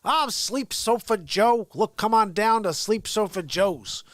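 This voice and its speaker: A man voicing a sleepy old male politician who rambles slowly and mumbles while pitching discount sofas. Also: expressive, dry recording, studio quality. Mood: sleepy salesman. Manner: drowsy, slow, mumbling and rambling.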